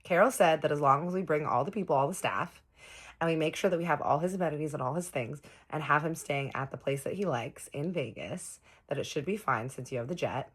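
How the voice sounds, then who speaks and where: Woman, very deep voice, chatty storytime narrator who quotes everyone herself. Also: brisk, breathy edge. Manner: chatty, quoting others in her own voice.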